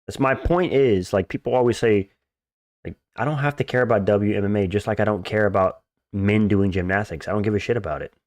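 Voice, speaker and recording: A man's voice: lowish voice, fairly quick, darkish tone, no room sound. Blunt, joking male streamer. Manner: blunt, joking, crude and dismissive. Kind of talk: casual live-stream chat, reading chat and reacting.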